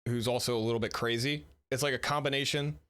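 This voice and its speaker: A man's voice: mid-range voice, steady tone, quick pace, a bit bright, slight background noise. A man streaming while sick, giving casual and sarcastic commentary as he reacts to a video. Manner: sarcastic, blunt, chatty.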